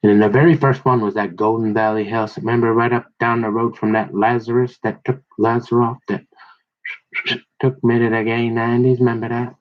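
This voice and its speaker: A man telling rambling personal stories, digressive and halting, with many restarts and asides. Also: mid-range voice, little pitch movement. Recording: dull lo-fi recording.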